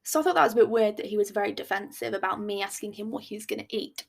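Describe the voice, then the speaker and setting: Gravelly young woman telling a story. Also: medium pitch, quick pace. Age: young adult. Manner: animated, blunt, swears, acts out dialogue. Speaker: podcast host. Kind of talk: storytime recounting a date.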